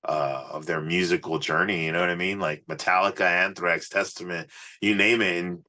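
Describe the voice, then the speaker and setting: A man, a rock musician guest, telling road stories in a casual, swearing, animated way on a podcast. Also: low-pitched, normal speed. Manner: profane, animated storyteller. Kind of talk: casual storytelling interview.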